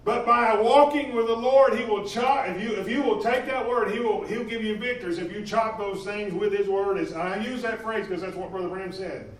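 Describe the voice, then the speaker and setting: A man preaching a sermon in a church, impassioned, swinging between loud emphasis and quieter stretches. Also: sits high, a little fast, few pauses. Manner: impassioned, rising and falling in emphasis. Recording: echoey room from a distance.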